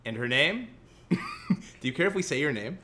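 A man's voice: on the high side, very animated, normal speed, sharp tone. A man from Central Illinois with a light Central Illinois accent, co-hosting a casual podcast chat in a rambling, self-mocking way, laughing often. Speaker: podcast co-host. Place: indoor room, guest seated across.

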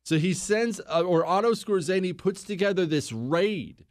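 A man hosting a history talk show, telling the story in a casual, animated way on a close studio mic. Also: high-pitched, normal speed, no room sound. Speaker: host.

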